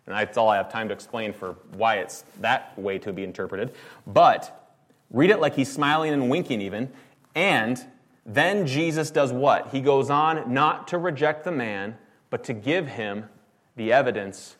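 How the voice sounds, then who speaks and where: A man's voice: medium pitch, fairly bright tone. Man preaching with rhetorical questions. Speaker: pastor. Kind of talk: sermon.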